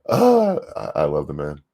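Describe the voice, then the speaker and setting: A man's voice: a bass voice, warm tone. A man giving a blunt, sarcastic reaction rant, swearing freely while fighting the hiccups. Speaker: political commentary streamer.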